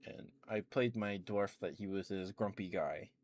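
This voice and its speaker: A young man rambling through relaxed ASMR chat on a stream, with lots of filler words, at a close mic. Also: low-pitched, measured pace, a little hiss or hum. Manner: rambling, meandering, full of "like" and "um" fillers. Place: home streaming setup.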